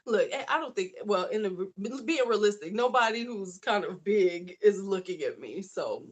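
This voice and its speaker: A woman's voice: medium pitch, animated, moderate pace, a bit bright. Chatty woman host on a live stream. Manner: chatty, reads chat aloud, asides to viewers. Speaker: YouTube beauty channel host. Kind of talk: casual live-stream chat.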